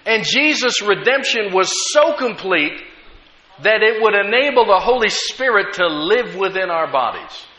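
An American man preaches in an animated, ringing voice that climbs and dips as he drives home each point. His tone is bright and a touch high, and he slips easily into storytelling. The sound is roomy and echoing, with a dull, lo-fi edge. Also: a little slow. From United States. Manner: lively preaching with rising emphasis and storytelling. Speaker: pastor. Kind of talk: sermon. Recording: echoey room, dull lo-fi sound.

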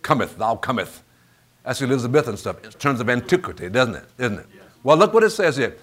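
A man preaching a sermon in an animated call-and-response style, asking the congregation for amens. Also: medium pitch, fast.

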